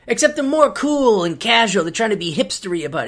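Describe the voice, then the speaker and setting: A man's voice: sits high, very animated, a little fast, few pauses, fairly bright tone. A middle-aged man hosting a podcast, ranting solo in a blunt, profane, sarcastic way. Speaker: podcast host.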